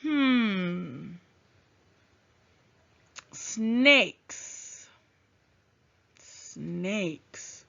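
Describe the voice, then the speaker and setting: A woman teaching a writing lesson to young children, thinking aloud with long hums in a gentle, encouraging way. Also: fairly high pitch, lively intonation, slow. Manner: gentle, encouraging, sing-song classroom delivery. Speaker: first grade teacher. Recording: dull lo-fi recording.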